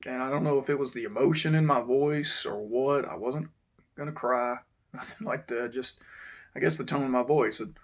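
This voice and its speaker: A man, telling a personal story to his channel's viewers in an unhurried, reflective way that sometimes drops to a low mutter. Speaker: channel host. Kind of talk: casual storytelling monologue.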